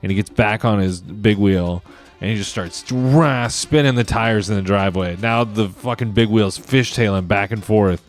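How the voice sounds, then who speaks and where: A man's voice: on the low side, normal speed, faint music behind. A man hosting a comedy podcast solo, rambling and cursing as he makes up a movie plot on the spot. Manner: rambling, profane, improvising a plot aloud. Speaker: podcast host. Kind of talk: casual comedic riffing.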